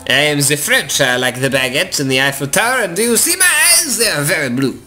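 A man's voice: fairly high pitch, a little slow, bright, forceful tone, soft background music. A man doing a haughty, snobbish fake-French student. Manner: haughty, sighing, mock French. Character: snobby stuck-up young male transfer student, fake French. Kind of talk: game dialogue read aloud.

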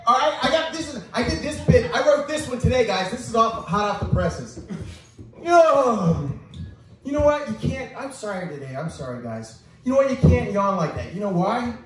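A man performing a crude, rambling stand-up set at a small bar, halting and restarting often. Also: high voice, slight background noise. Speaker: open mic comedian. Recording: echoey room heard from far off.

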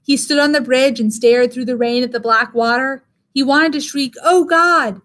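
Woman reading a fairy tale aloud. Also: on the high side. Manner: measured, expressive. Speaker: teacher.

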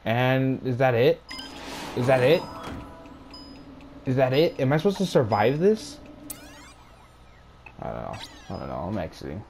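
A man's voice: medium pitch, very animated, measured pace, pauses often, slight background noise. A young man giving loose, profane running commentary as he plays a video game, talking to his viewers. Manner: loose, profane, reacting out loud with laughs. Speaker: gaming YouTuber. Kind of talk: casual gameplay commentary. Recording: game music under voice. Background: game music.

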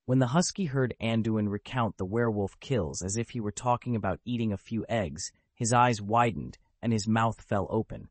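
A man's voice: on the low side, normal speed, hardly any pauses, dry recording. A man narrating a web novel as an audiobook, telling the story steadily.

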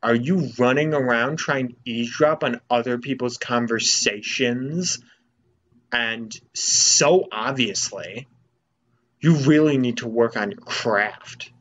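A haughty village gossip who brushes people off, as a young man reads her lines aloud. She talks slowly and dismissively. The recording is dull and lo-fi with a faint hiss. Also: medium pitch, fairly bright tone. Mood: snooty. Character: snooty gossiping village woman.

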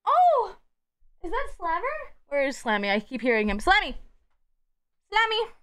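A woman's voice: very high voice, huge pitch swings, a bit bright. A young woman streaming live, chatting casually with her chat, playful and profane. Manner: playful, swearing, quick jumps between topics.

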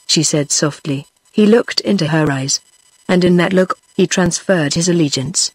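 A synthetic woman's voice with a British English accent, narrating an audiobook in an even, flat delivery. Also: lowish voice, moderate pace, slightly rough, no room sound. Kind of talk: text-to-speech book reading.

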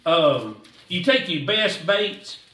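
A man's voice: sits high, big pitch swings, slow pace, sharp tone, reverberant, far from the mic, a little hiss or hum. A man giving a casual, rambling fishing how-to, repeating himself in a folksy way. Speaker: fishing vlogger.

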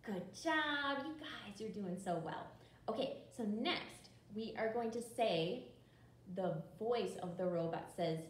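A young woman librarian leading a children's storytime, talking slowly and encouragingly to kids at home. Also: medium pitch, expressive, slight background noise. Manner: slow, bright and encouraging, talks to children at home. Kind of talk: children's storytime with action songs. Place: library room. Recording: roomy echo from a distant camera.

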